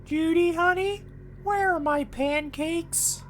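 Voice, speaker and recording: A cowardly, unhinged young nerd in a sky-high, squeaky falsetto. He talks with a thin, nasal whine. His words drag out slowly. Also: fairly bright tone, slight background noise, exaggerated voice. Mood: smug. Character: whiny nerdy young man, cowardly and unhinged.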